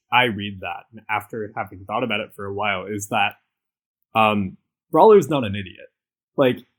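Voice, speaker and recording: Husky man arguing a point casually. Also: medium pitch, rough recording. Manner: earnest, argumentative, many fillers. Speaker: podcast co-host. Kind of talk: casual podcast discussion.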